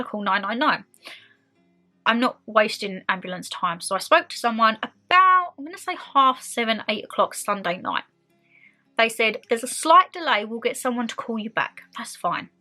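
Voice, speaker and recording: Bright-voiced chatty British young woman. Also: mid-range voice. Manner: chatty, outspoken and expressive. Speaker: vlogger. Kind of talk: casual sit-down chat.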